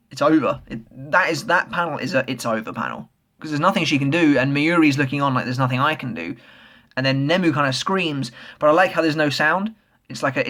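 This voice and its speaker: Guy rambling through a manga review, kinda high voice, lots of ums and swearing. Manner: excitable, swears freely, many filler "ums". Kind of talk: casual spoken review.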